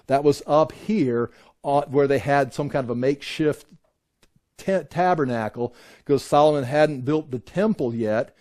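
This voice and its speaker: A man's voice: medium pitch, measured pace, darkish tone. Rambling middle-aged man teaching class. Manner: rambling, with many restarts; points out details on photos. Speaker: Bible teacher. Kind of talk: classroom lecture with slides.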